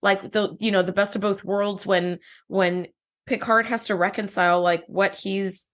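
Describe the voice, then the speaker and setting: A woman co-hosting a podcast in casual chat, her voice hoarse and scratchy after the flu, gushing and laughing often. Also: medium pitch, fairly even intonation, moderate pace, a bit bright. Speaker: podcast co-host.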